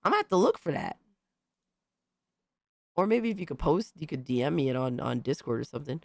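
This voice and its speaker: A young-sounding man streams live and chats to his viewers in a hoarse, worn voice after being sick. He talks in bursts of excitement, swears freely and keeps giving shout-outs. His voice sounds close and dry. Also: on the high side, a little fast, dry recording. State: hoarse, recovering from illness. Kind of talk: casual live-stream chat.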